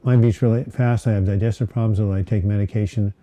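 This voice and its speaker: Dark-voiced man hosting a live Q&A. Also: on the low side, steady tone, fast. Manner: rambling, with many uh fillers and restarts. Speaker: host of a live mental health Q&A. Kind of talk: casual live-stream chat, reading viewer questions. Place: home setting, Portland.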